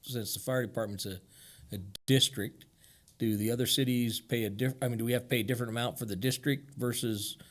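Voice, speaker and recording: A man's voice: medium pitch, fairly even intonation, brisk. A man on a city council asking questions about costs in a meeting, with some restarts. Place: council chamber.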